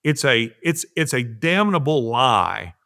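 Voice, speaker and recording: A middle-aged guest on a casual podcast tells stories slowly and earnestly, hammering his points home. His medium-pitched voice swings widely in pitch, with vocal fry and a bright, forceful tone, and he acts out what others said.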